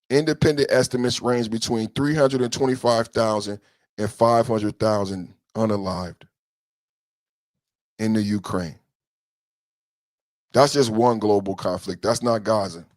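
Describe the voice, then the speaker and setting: A man hosting a podcast, giving a passionate political monologue with lots of repetition. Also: dry recording. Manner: impassioned, repetitive, shifts between low brooding and loud outbursts. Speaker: podcast host.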